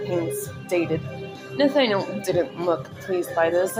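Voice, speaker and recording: A woman's voice: lowish voice, very animated, moderate pace. Woman reading her story over music. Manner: chatty, breaks off into personal asides and laughs at her own stumbles. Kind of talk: casual story reading with asides.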